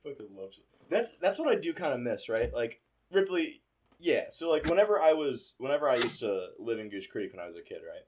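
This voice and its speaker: A man's voice: mid-range voice, sing-song, brisk, darkish tone, slight background noise. A young man co-hosting a podcast, telling profane stories from his school days in casual chat and acting out the voices of people in them. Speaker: podcast co-host. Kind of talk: casual storytelling.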